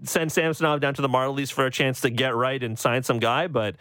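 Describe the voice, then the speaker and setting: Fast-talking radio co-host. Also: male voice, medium pitch, steady tone, a bit bright, no echo, poor audio. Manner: quick, halting with many restarts, laughs easily. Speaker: radio sports show co-host. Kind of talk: sports radio chat. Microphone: studio microphone.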